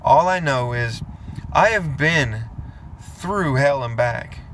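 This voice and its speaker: A man's voice: medium pitch, expressive, takes it slowly, fairly bright tone, a little hiss or hum. A man in his thirties giving an earnest, rambling, emotional confessional vlog monologue, recorded in a vehicle. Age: 30s.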